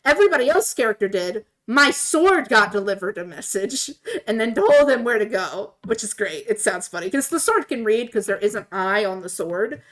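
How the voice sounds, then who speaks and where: A woman streamer casually retelling a tabletop game story while playing, animated and laughing often. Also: medium pitch, normal speed. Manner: animated, laughing, voices quoted characters.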